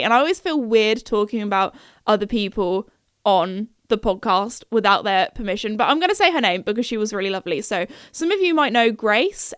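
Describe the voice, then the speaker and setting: A young woman hosts a podcast, telling a story in a casual, chatty, giggly manner and jumping into high-pitched voices for quotes. Her voice is smooth, recorded dry and in studio quality.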